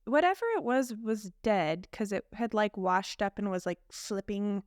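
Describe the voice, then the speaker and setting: A woman's voice: medium pitch, animated, moderate pace, no room sound, studio quality. A woman co-hosting a podcast and chatting casually, rambling and poking fun at herself with frequent laughs. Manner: rambling and self-deprecating, laughs often. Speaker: podcast co-host and voice teacher. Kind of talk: casual chat.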